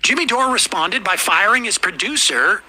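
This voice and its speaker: Man, bright high voice, lively pitch, talk show commentary. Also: normal speed.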